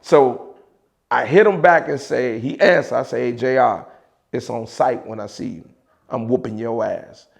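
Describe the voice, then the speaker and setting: A man with a Chicago accent telling a story in a casual, animated way, with slang and loose restarts. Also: mid-range voice, unhurried, vocal fry, slightly rough. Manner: animated, mimics voices of others in quotes, frequent laughs and slang.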